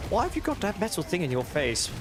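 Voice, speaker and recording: A sweet but fussy old British grandmother with a plummy, upper-crust accent, as a man puts her on. She speaks in a high, prim, gently fluting voice that fusses over everything, in a casual livestream chat. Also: wildly swooping pitch, fast talker, music in the background. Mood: prim, doting. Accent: posh British.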